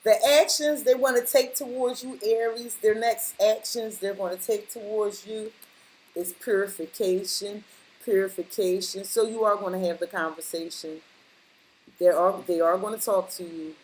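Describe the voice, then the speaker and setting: A woman's voice: medium pitch, fairly even intonation, normal speed, a little mellow, rough recording. Emphatic woman giving a tarot reading. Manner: emphatic, repeats lines for stress, blunt slang. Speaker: tarot reader. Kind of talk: casual tarot reading to the viewer.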